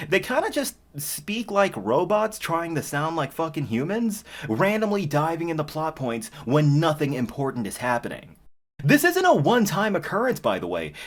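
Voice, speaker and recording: A man ranting in a sarcastic commentary, his pitch swinging up and down as he mocks what he reviews. He swears freely and keeps breaking into disbelieving laughs. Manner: mocking, profane, breaks into laughter. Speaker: comic reviewer.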